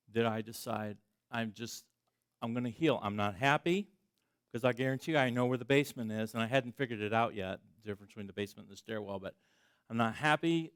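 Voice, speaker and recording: A middle-aged man giving a sermon as a pastor, talking in a conversational, self-deprecating way that swings between loud emphasis and quiet asides. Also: medium pitch, clear, resonant tone, dry recording, studio quality. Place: church sanctuary.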